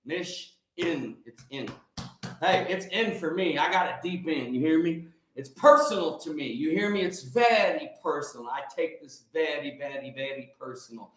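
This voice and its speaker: A man hosting a live stream like a fervent sermon, shouting and firing rhetorical questions at his viewers. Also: on the high side, normal speed, echoey room, rough recording. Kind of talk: fiery preacher-style live stream.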